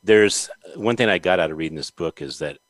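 A man's voice: low-pitched, brisk, fairly bright tone, no echo. A male podcast host interviewing a guest, joking and playful.

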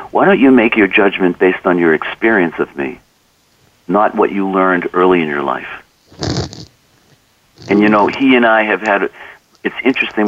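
Low-voiced man telling stories on radio. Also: far from the mic, muffled recording. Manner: earnest, acts out dialogue in anecdotes. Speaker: author and coach, interview guest. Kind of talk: conversational interview, storytelling.

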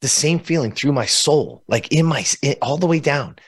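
Animated man telling a personal story. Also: a little high, moderate pace, husky. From California. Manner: animated, laughs between phrases, many asides to the host. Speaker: podcast guest.

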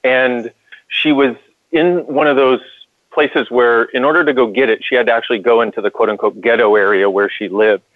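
A man's voice: mid-range voice, steady tone, normal speed, no room sound. A man co-hosting a call-in talk show who tells a story earnestly, with many restarts. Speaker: co-host. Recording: dry phone-line sound.

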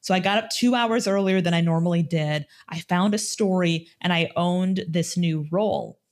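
A woman's voice: on the low side, moderate pace. A middle-aged woman, a former TV news host, telling a personal story with animation and acting out the dialogue. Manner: animated, acts out quoted dialogue.

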